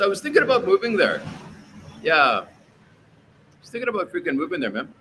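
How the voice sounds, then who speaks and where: A man hosting a casual livestream reads chat messages aloud and answers them loosely, rambling and opinionated, with many fillers and restarts. His bright, sharp voice sits a little high, sing-song at a normal speed. Faint background noise runs underneath.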